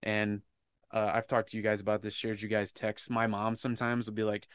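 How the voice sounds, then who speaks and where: A man's voice: lowish voice, brisk, smooth, dry recording. A man telling a personal story in casual podcast chat, swearing freely and acting out the people in it. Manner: profane, animated storyteller. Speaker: podcast co-host.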